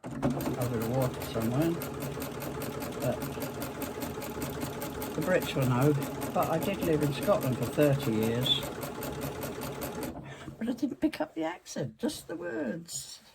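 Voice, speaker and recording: A woman's voice: low voice, very animated, slow, vocal fry, pauses often, heavy background noise. Chatty Essex woman at her sewing machine. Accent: Essex English. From England. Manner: rambling, talkative, self-deprecating. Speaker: quilting vlogger. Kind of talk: casual chatty demonstration. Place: home sewing room. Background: sewing machine running.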